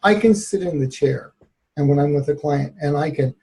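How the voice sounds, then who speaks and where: A man with a somewhat high, gravelly voice tells a personal story as a guest. He is a therapist, candid and reflective, and laughs now and then as he recalls it. His voice has a noticeable rasp. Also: normal speed, darkish tone.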